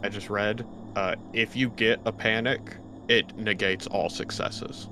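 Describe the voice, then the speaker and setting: A man's voice: lowish voice, steady tone, measured pace, background noise. A man playing in a tabletop role-playing game, describing what his character does, with fillers. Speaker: player.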